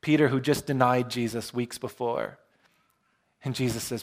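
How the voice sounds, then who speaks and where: A male pastor preaching a sermon, retelling scripture in a relaxed, storytelling way with self-deprecating humor. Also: medium pitch, moderate pace.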